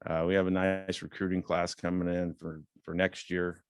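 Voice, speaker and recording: A man in his fifties giving a casual talk as a guest speaker, relaxed and rambling with many fillers, lifting his voice when quoting others. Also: low voice, moderate pace, clear, resonant tone, no room sound, studio quality. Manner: acts out quoted dialogue in a raised voice. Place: club meeting room.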